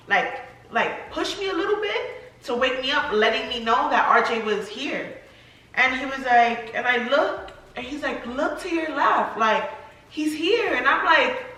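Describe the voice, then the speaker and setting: A young woman with a bright, fairly high voice talks her way through a storytime in a chatty, filler-heavy manner that turns emotional. The recording is very echoey, with the mic some distance away. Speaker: vlogger, new mother. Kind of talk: storytime chat.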